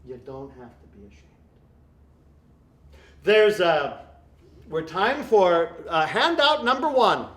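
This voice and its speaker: A man's voice: high-pitched, very animated, slow pace, long pauses, a bit bright. A man, a priest giving an evening talk to a live audience, speaking in a wry, joking way with mock dialogue. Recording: echoey room.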